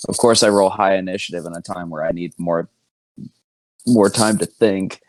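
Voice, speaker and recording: Low-voiced guy stressing out over his turn in a tabletop game, swears a lot, dry sound. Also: steady tone, moderate pace, dry recording. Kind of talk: casual game chat.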